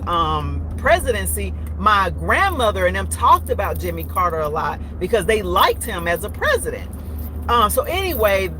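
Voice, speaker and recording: A vlogger from the United States telling a travel story in a chatty, rambling way with many fillers. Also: mid-range voice. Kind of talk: casual storytelling. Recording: noisy background.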